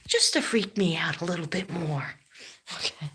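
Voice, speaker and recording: A woman's voice: on the low side, big pitch swings, moderate pace, fairly bright tone, a little hiss or hum. A middle-aged woman chatting on a live stream, telling rambling, emotional stories and often dropping to a near-whisper. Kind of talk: casual live-stream chat.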